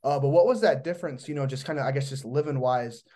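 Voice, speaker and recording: Fast-talking podcast host from Indiana. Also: male voice, mid-range voice, warm tone. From Indiana, US Midwest. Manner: rambling, loose questions full of fillers. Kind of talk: casual interview chat.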